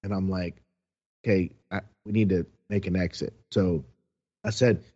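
A man telling a long story in a casual, animated way, quoting people as he goes. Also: deep voice, moderate pace, lo-fi sound.

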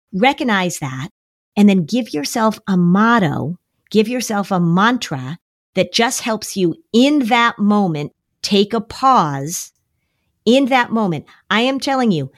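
A woman's voice: mid-range voice, no echo, clean studio sound. A woman therapist on a podcast, speaking emphatically and repeating key words for stress. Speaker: therapist guest. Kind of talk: podcast interview.

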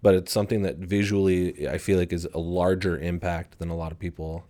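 A man in his twenties talks as a podcast guest with a deep, low voice. He speaks earnestly and reflectively, growing animated when something excites him, recorded in a studio. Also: a little fast. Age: 20s. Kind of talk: casual podcast conversation.

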